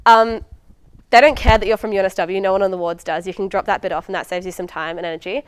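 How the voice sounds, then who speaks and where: Smooth-voiced chatty woman tutor. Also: mid-range voice, fairly even intonation, fast, no echo. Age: 20s. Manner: chatty, frequent ums and likes. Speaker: medical student tutor. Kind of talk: casual exam-prep lecture.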